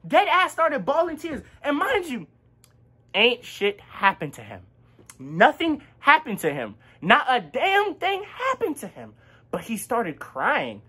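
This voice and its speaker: Teen guy, husky voice, lively up-and-down storytelling with lots of slang, acts out the dialogue. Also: extremely high pitch, slow. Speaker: vlogger. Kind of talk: casual storytime vlog.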